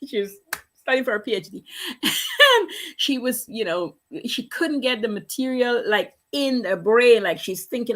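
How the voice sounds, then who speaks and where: Woman, business coach, motivational storyteller; slightly raised pitch, earnest and emphatic, repeats key lines. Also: normal speed. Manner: earnest, repetitive, emphatic phrasing.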